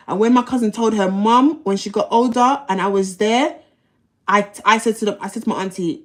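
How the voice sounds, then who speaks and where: A woman's medium-pitched voice moves fairly quickly as she tells a personal story while hosting a livestream. She's blunt, slangy, and profane, frequently repeating herself.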